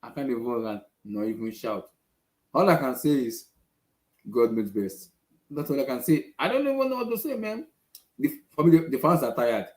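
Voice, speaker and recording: A football fan channel host speaks at a normal speed in a mid-range, animated voice. He rants casually, frustrated and repeating himself in exasperation, in a room with an echo.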